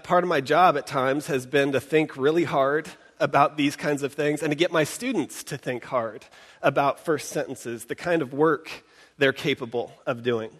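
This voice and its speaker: A man giving a sermon in an animated, conversational way, often putting rhetorical questions to his congregation. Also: fairly high pitch, long reverb tail. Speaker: preacher.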